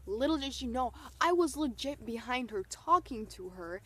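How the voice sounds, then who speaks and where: A young woman telling an excited story to camera, gushing and peppering her talk with "like". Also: on the high side, normal speed. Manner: breathless, gushing, heavy use of "like". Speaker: vlogger.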